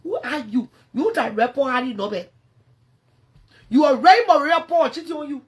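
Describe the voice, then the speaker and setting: A woman with a Liberian English accent, ranting at someone on a phone livestream, confrontational and swearing, dropping to low mutters and then bursting out loud. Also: expressive, moderate pace. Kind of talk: angry livestream rant.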